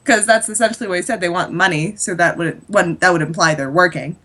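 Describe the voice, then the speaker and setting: A woman on a casual podcast panel, scoffing and quick to argue. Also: lowish voice, fairly even intonation, bright, forceful tone.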